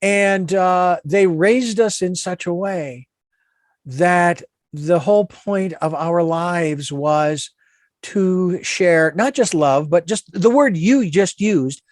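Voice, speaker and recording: A man's voice: high voice, takes it slowly, dry recording, studio quality. A man hosting a radio interview show, talking in an earnest, meandering, moralizing way. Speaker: radio talk show host.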